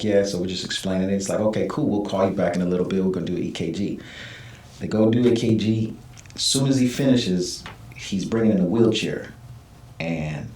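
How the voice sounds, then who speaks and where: A deep-voiced man tells a personal story in a relaxed interview, and he acts out the other people in it with quick shifts of voice. He sits some way back from the mic in an echoey room. A faint hum of room noise runs under the talk. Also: far from the mic. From Southern California. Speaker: guest.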